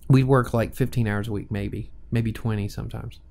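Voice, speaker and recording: Chatting on a podcast as co-host, a man in his forties tells stories and laughs a lot. His voice is on the low side, creaky and dark, with fairly even intonation and a moderate pace.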